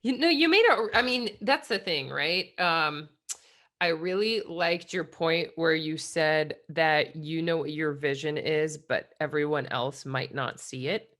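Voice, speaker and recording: A woman's voice: deep voice, measured pace, a bit bright. A woman hosting a podcast interview in casual chat, encouraging her guest and laughing along. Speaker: podcast host.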